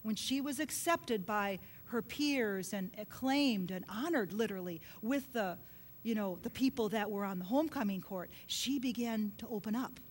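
A middle-aged woman preaching a sermon, telling a personal story earnestly and dropping to a soft hush at emotional points. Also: moderate pace. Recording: long hall reverb with faint low rumble.

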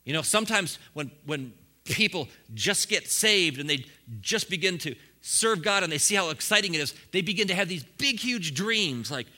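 A man preaching a sermon to a congregation, swinging from quiet asides to loud, fiery bursts with frequent chuckles. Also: high-pitched, lively intonation, normal speed. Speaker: pastor.

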